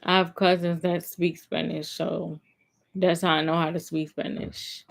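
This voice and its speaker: A young woman chats straight to her camera in a loose, rambling story-time vlog. Her voice sits a little low, and she leans on emphatic repeats and filler words as she tells it. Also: level tone, measured pace, creaky. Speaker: vlogger.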